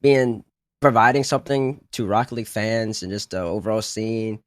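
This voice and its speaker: A man's voice: lowish voice, moderate pace, no room sound, clean studio sound. A young man, a podcast guest, talking earnestly and often trailing off and restarting his sentences. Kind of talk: casual podcast chat.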